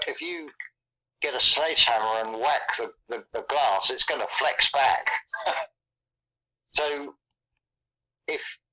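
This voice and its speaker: A man in casual conversation, speaking haltingly and often repeating words as he thinks. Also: medium pitch, bright, forceful tone, low-quality recording. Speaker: guest.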